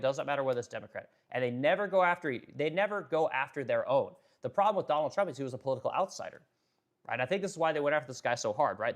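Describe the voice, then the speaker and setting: A man hosting a political livestream, ranting, swearing freely, using many fillers, and stopping to read and answer viewer chat. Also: mid-range voice. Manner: fast-talking, ranting, profane, filler-heavy. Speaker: livestream host.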